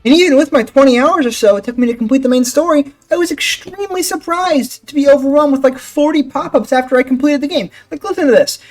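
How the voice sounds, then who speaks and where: A man's voice: extremely high pitch, fast talker, few pauses. Joking young man reviewing a game. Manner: jokey, sarcastic, swears casually. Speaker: gaming channel host.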